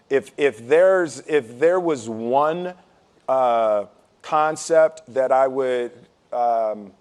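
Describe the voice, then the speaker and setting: A guest in an interview, a man with a mid-range voice tells a personal story in a lively, joking way, acting out what people said and laughing often.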